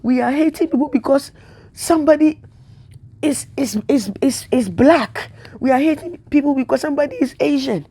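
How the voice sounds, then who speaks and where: A woman's voice: high-pitched, normal speed, warm tone. A woman vlogger giving an emotional spiritual monologue, talking in a repetitive, preacher-like way and close to tears. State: tearful.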